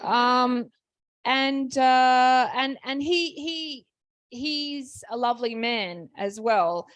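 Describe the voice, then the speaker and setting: A woman with an Australian accent, speaking as an author on a panel. She tells lively anecdotes, acts out the people she quotes, and often restarts her sentences. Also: high voice, extremely slow, no room sound.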